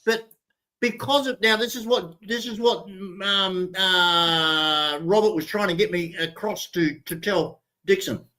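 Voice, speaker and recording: Older Kiwi man, high-set voice, blunt, profane co-host of a casual chat. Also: unhurried, pushed and bright, rough recording. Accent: New Zealand. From New Zealand. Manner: blunt, swearing, heated rant. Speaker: show co-host.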